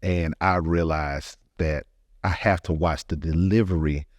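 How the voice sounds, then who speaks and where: A man's voice: very deep voice, fairly even intonation, measured pace, no room sound. A middle-aged man, a podcast co-host, talking in a reflective, easygoing way in casual chat. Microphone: podcast studio mic, facing own camera.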